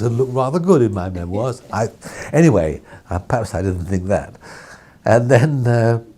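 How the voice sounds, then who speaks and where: A man's voice: on the low side, warm tone, slightly rough. An older man, a former newspaper editor, telling a rambling story with frequent chuckles and restarts in an archival interview. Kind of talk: anecdotal reminiscence.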